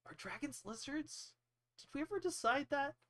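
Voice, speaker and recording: A man's voice: very high-pitched, animated, normal speed, fairly bright tone, pitched above the performer's own voice. A man voicing a nerdy, absent-minded wizard who muses aloud in questions in a tabletop game. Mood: musing. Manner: curious, musing questions.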